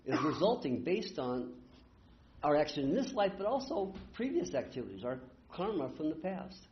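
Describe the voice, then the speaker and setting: A man's voice: a little high, big pitch swings, normal speed, roomy sound, slight background noise. A man speaking in a group discussion, giving encouraging responses. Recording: muffled lo-fi.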